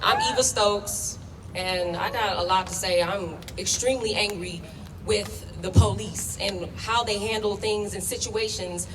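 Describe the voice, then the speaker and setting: At an outdoor protest, a young woman gives an emotional, impassioned speech, talking bluntly and getting worked up. Her mid-range voice is unhurried, and the recording is distant and echoey with faint noise.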